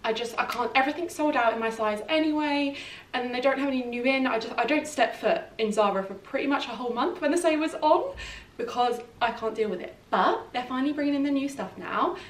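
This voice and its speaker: A chatty young British woman gushes about her clothes with a slightly high voice. She talks in a roomy, echoey space, heard a little way off the mic with a faint hum behind her. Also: brisk, distant mic. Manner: chatty and gushing, full of "like". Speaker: fashion vlogger. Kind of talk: casual try-on haul chat. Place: at home in her flat. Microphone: camera mic set a little way off.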